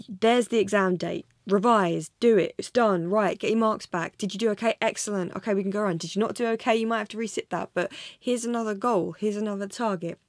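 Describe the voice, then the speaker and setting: A woman's voice: mid-range voice, a little mellow, no echo, clean studio sound. A woman in her twenties, talking alone in a room in a rambling, self-deprecating vlog monologue. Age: 20s. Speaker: vlogger.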